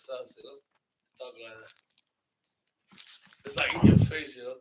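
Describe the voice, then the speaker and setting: A man chatting casually and animatedly, switching into quick dialect impressions as he tells stories. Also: medium pitch, steady tone, a crowd in the background, rough recording. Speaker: storyteller in casual chat. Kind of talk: casual chat.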